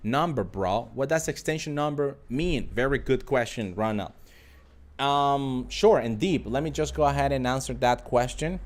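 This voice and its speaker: A man's voice: mid-range voice, moderate pace. A man teaching a live online English lesson, talking straight to his viewers and drilling phrases by repeating them. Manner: addresses viewers directly as a group.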